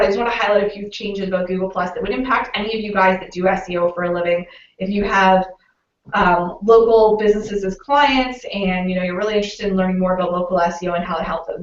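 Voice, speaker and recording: Canadian woman giving a casual webinar talk. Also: mid-range voice. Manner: casual, explanatory, many "um"s and "you know"s. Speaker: local SEO consultant presenting a webinar. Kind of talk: webinar presentation. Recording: roomy, distant, muffled webinar audio.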